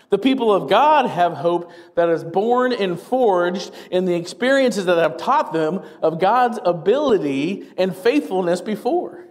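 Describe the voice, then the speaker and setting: A man preaching as pastor, energetic and quick, with wry asides, getting a little out of breath as he gets excited. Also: sits high, in a large hall. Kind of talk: sermon.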